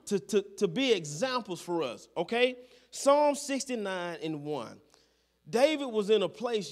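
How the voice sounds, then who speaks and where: Man, very high voice, pastor preaching, repeats himself, keeps asking listeners if they follow. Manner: checks in with listeners constantly, repeating phrases. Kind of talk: sermon.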